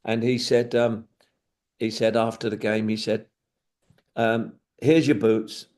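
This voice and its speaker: Older guy, low-ish voice, rambling football stories, acts out what people said. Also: monotone, unhurried. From England. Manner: rambling, acts out quoted dialogue, chuckles. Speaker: retired footballer guest. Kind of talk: storytelling anecdotes.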